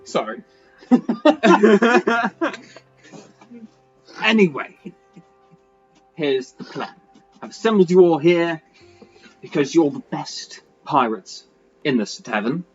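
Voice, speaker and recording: A man's voice: fairly high pitch, expressive, takes it slowly, long pauses, slightly rough, highs cut off, faint music behind, pitched above the performer's own voice, heavily acted. A man playing a touchy, theatrical male pirate leader who rambles defensively.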